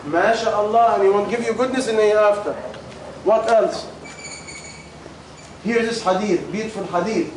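High-voiced preacher in an echoing hall. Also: male voice, steady tone, normal speed, pauses often. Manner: questioning, repetitive, coaxing the audience. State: losing his voice. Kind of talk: sermon with call and response. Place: large echoey hall with audience. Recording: very echoey hall, faint noise.

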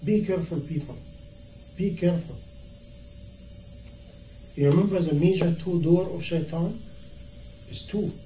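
Impassioned high-voiced preacher in echoey room. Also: male voice, measured pace, pauses often, mellow. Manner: impassioned, rhetorical questions, acts out dialogue. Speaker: Islamic preacher. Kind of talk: sermon. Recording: echoey room, from far off, faint noise.

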